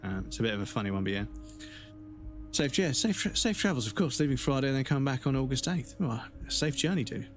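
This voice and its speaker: Brief: male streamer, mid-pitched, chatty and rambling, swears constantly. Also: expressive, fast talker, soft background music. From England. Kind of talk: casual chat with viewers.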